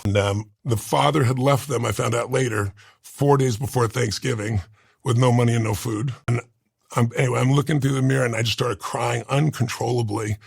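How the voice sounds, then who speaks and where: A man telling a heartfelt personal story in an earnest, halting way, with restarts and short quoted voices. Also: medium pitch, gravelly, slightly rough, dry recording, studio quality.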